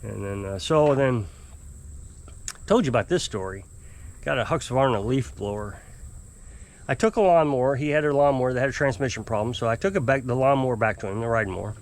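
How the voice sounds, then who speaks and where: A man telling a long, exasperated story to camera in a rambling, casual way. He mimics his customers in high, put-on voices. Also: fairly quick. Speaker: off-grid homesteader fixing small engines.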